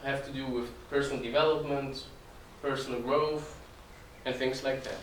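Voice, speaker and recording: A man's voice: medium pitch, steady tone, normal speed, fairly bright tone, a little hiss or hum. Young man, echoey and far. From Germany. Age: 20s. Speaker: speaker giving a talk. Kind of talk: informal presentation to an audience. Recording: echoey room, distant mic, faint ambience.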